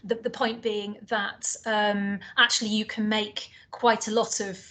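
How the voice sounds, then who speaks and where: A woman's voice: medium pitch, level tone, measured pace, bright, forceful tone. A woman with a Northern English accent giving an online lecture to trainee teachers, chatty with many ums and restarts. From Northern England.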